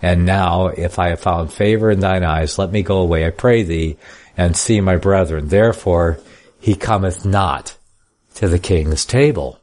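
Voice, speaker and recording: Deep-voiced man teaching a Bible study. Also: measured pace, darkish tone. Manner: reads scripture in King James style then comments casually; plainspoken, folksy asides. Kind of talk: Bible study reading and commentary.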